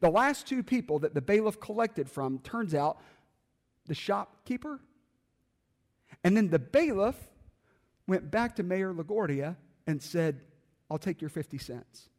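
A man preaching a sermon and telling a story, using dramatic pauses and quiet, emphatic drops. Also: on the high side, in a large hall.

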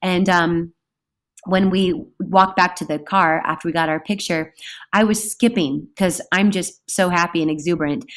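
A woman guest telling a story in a casual, animated way, with sudden shouted bursts. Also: fairly low pitch, normal speed. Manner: animated, breaks into loud shouted outbursts. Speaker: podcast guest.

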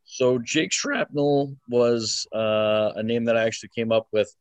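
A man's voice: medium pitch, unhurried, no room sound. A man in his twenties, a wrestler answering interview questions casually, hesitant and full of fillers, chuckling often. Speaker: wrestler guest.

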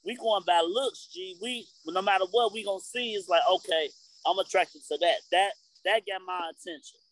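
A man's voice: sits high, moderate pace, fairly bright tone, rough recording. A man co-hosting a casual podcast chat, talking emphatically in slang. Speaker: podcast co-host.

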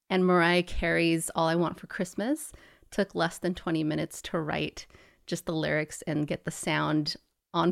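A woman's voice: fairly low pitch, vocal fry, no echo, studio quality. A woman co-hosting a podcast in casual chat, musing aloud as she talks. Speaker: podcast co-host.

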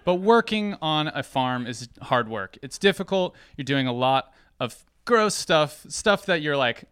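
A young man from the Atlanta area telling a personal story in an animated way, often laughing at himself. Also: fairly high pitch, unhurried, few pauses, smooth, no room sound. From Atlanta area, United States.

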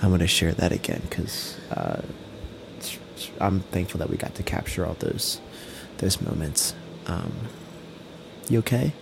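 A young man co-hosting a casual podcast, gentle and reassuring, with loose slangy talk. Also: low-pitched, wildly swooping pitch, a little slow, vocal fry, background noise. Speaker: podcast co-host.

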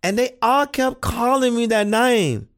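A woman voicing an earnest, thoughtful seven-year-old boy, who speaks slowly and questioningly in an audio play reading. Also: on the high side, natural voice. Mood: hurt. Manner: slow, earnest childlike questioning.

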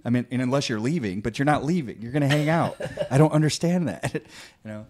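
A man's voice: mid-range voice, a little fast, a little mellow, slight background noise. A man in casual podcast chat who rants with profanity. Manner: ranting, profane. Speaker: podcast host.

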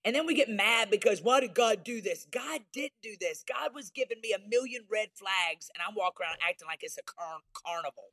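A woman's voice: medium pitch, expressive, a little fast, few pauses, a bit bright. A woman with a Southern US accent, a pastor speaking candidly as an interview guest, with an emphatic, folksy preacher's delivery.

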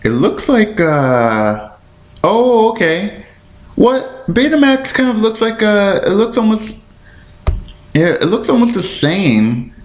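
A slightly high male voice fills an echoey room as he hosts a casual solo podcast. Thinking aloud and rambling while he looks things up, he trips over his words and apologizes, ever self-deprecating.

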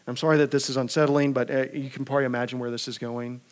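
A pastor preaching a conversational sermon, asking rhetorical questions and often repeating words. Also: male voice, mid-range voice, flat delivery, quick pace.

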